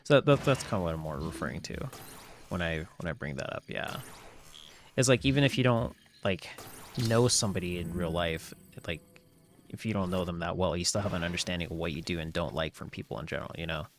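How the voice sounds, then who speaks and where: A man's voice: low-pitched, fairly quick, slight background noise. A man chatting on a live gameplay stream, rambling with lots of filler words and frequent laughs. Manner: laughs often.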